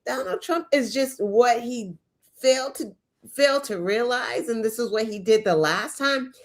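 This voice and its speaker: A woman co-hosting a political talk show, emphatic and profane in casual conversation. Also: on the high side. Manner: emphatic, profane, agreeing quickly. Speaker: podcast co-host.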